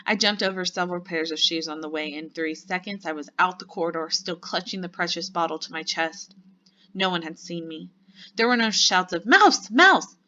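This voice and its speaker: A woman teacher reading a children's book aloud with lively storybook narration. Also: fairly low pitch, brisk. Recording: muffled lo-fi recording.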